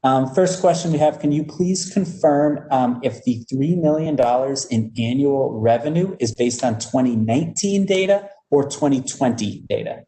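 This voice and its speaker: A man's voice: medium pitch, moderate pace, few pauses, mellow, low-quality recording. A man moderating a webinar, reading out viewers' questions in an affable way with many fillers.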